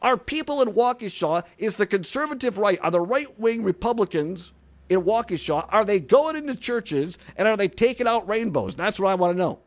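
A man hosting an opinionated talk radio show, incredulous and animated, often laughing and saying "I mean". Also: high voice, normal speed.

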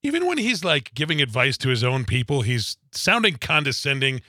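A man co-hosting a political talk radio show, animated and exasperated. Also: medium pitch, fairly quick, dry recording, studio quality. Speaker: radio co-host.

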